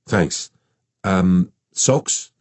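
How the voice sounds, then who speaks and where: A man reading an audiobook plays a cheerful police detective, husband and father with a Geordie accent, who talks in a brisk, breezy way. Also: low-pitched, darkish tone, no echo.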